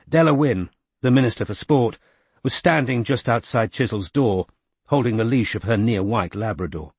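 A man reading a novel aloud in even, measured scripted narration. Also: medium pitch, breathy edge, dry recording. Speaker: audiobook narrator.

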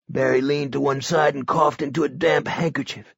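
A man giving a measured, expressive audiobook narration. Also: mid-range voice, vocal fry, breathy edge, no room sound, lo-fi sound.

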